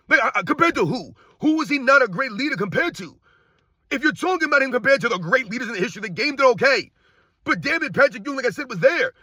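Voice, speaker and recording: A man hosting a sports commentary show, ranting in a heated, repetitive way and firing off exasperated rhetorical questions in a husky voice. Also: extremely high pitch, sharp tone, no echo.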